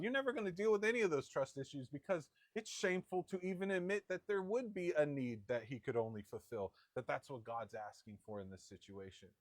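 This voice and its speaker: A middle-aged man preaching a sermon in a conversational storytelling manner, with quick asides. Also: fairly high pitch, lively intonation, dry recording, clean studio sound. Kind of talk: sermon with personal anecdote.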